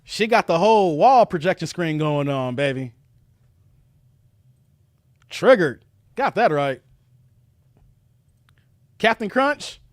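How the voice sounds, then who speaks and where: A man from Chicago hosting a reaction commentary livestream, talking straight to his viewers in a mocking, animated way. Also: a little high, takes it slowly, long pauses, no echo, studio quality. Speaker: commentary show host.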